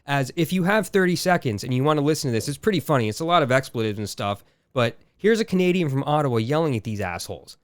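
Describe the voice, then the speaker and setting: A man's voice: mid-range voice, expressive, quick pace, few pauses, dry recording. A man co-hosting a podcast, talking in a rambling, exasperated way with many fillers and restarts. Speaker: podcast co-host. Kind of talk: casual chat.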